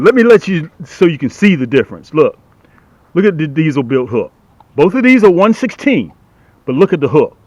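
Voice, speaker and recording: A middle-aged man casually demonstrating and selling fishing hooks to the camera, talking in a repetitive, lively salesman patter and calling viewers "guys". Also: fairly high pitch, dry recording. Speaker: fishing gear seller and channel host. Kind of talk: casual product demo to camera.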